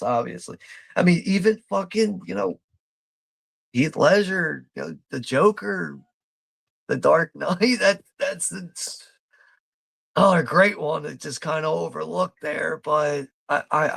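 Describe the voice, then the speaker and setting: Laid-back guy hosting a watch party, kinda high-ish voice, chuckles a lot, swears. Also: gravelly, a bit bright, no room sound. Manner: laid-back, swears freely, laughs often. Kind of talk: casual live commentary.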